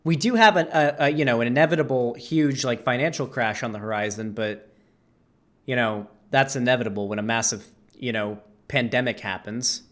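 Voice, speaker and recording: A young man ranting through a reaction video at a middling pitch. He rambles and swears freely, stacking up "like" as he goes. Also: a little fast, a bit bright. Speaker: host. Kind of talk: profane reaction commentary.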